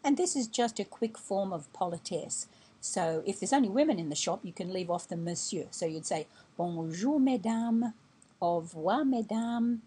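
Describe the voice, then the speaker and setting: A woman's voice: lowish voice, animated, brisk, dark tone, husky. A woman hosting a travel website, explaining travel tips patiently and step by step in an instructional voice-over. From Australia.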